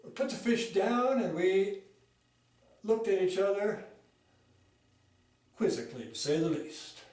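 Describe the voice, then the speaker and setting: A folksy man spinning a tall tale, his voice high and his pace and volume shifting as he goes. The room rings with strong echo, and the mic sits far from him. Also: lively intonation, measured pace, a little mellow. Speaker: storyteller. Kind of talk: telling a tall tale at a speaking club.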